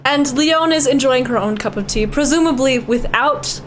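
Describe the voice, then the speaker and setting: A woman narrating as game master of a tabletop role-playing game, describing scenes in a relaxed, wry way with fillers. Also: high voice, normal speed, a little hiss or hum.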